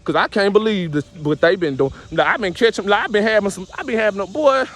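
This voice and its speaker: A man's voice: high-pitched, fast talker, fairly bright tone. A man vlogging a casual rant to his viewers, repetitive and full of street slang.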